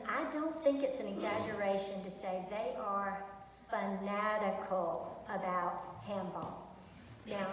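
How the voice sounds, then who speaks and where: A woman's voice: mid-range voice, distant mic, a little hiss or hum. Chatty woman teacher in echoey hall. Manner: chatty, many ums, enthusiastic. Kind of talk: presentation to students. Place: large echoey school hall.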